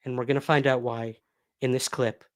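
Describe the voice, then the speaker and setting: A man's voice: medium pitch, flat delivery, fairly quick, no room sound. Chatty male livestream host, dry sound. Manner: chatty, reads viewer comments aloud. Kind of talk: casual livestream chat.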